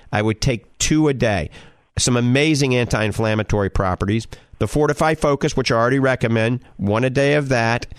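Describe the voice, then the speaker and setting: A Louisiana man in his sixties with a New Orleans Cajun accent hosts a call-in health show. He gives advice emphatically and instructively, repeatedly tacking on "all right?" and "okay?". His mid-range voice is recorded with studio quality and no room sound.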